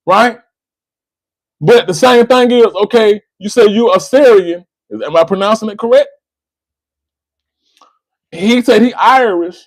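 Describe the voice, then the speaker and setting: High-voiced man lecturing a caller. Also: no echo, poor audio. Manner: lecturing, repeats the caller's name; restarts and repeats words. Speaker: host of a call-in debate stream. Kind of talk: argumentative call-in discussion.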